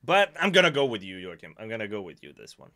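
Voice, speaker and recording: A man's voice: on the low side, fast talker. A man from Sweden with a Swedish accent, chatting casually on a live stream and often laughing at himself. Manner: animated, laughing, self-deprecating.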